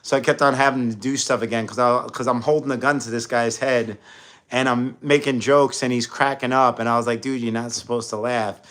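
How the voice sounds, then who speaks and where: Talking briskly in a steady, fairly bright mid-range voice, a New York-accented actor and entertainer from New York rambles through stories of his acting jobs. The casual interview takes place in a home studio, and he uses lots of fillers and often restarts.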